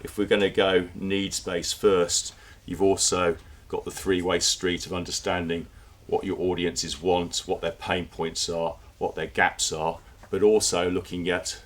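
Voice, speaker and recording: A man giving a conversational conference presentation to an audience, with fillers and repeated words. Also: low voice. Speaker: conference speaker. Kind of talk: presentation talk.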